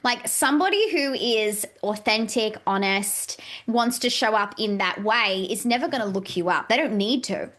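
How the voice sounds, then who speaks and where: Bright, lively woman chatting. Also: medium pitch, normal speed, few pauses. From Australia. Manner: animated, acts out quoted dialogue, many "like" fillers. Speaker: psychic medium guest. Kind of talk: casual podcast chat.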